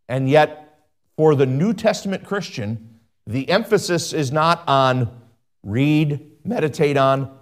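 Man preaching with sudden loud-soft swings. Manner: asks the congregation frequent questions; swings between loud emphatic lines and low quiet asides. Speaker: pastor. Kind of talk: sermon.

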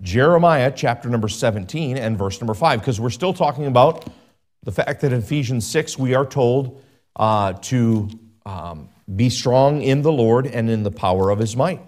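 A man preaching a sermon as pastor, asking his listeners frequent questions and swinging between loud emphatic lines and low quiet asides. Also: animated, normal speed. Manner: asks the congregation frequent questions.

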